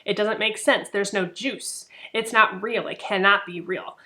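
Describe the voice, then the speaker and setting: Young adult woman, bright voice, chatty, animated, casual book vlog, lots of fillers. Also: mid-range voice, a little slow. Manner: chatty, animated, frequent "like" and "really". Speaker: book reviewer.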